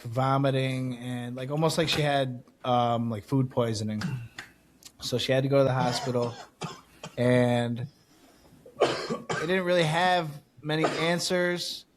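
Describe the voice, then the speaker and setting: A man hosting a casual podcast, telling a story with lively acted-out dialogue and frequent swearing. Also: medium pitch, slow pace, pauses often, noisy background. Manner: animated storytelling, acts out dialogue, swears freely. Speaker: podcast host.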